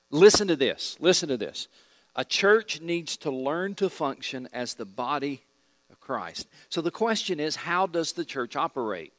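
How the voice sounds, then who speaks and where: A man's voice: fairly high pitch, a bit bright, no room sound. A middle-aged man teaching an evening Bible study class, asking the group questions and repeating key points.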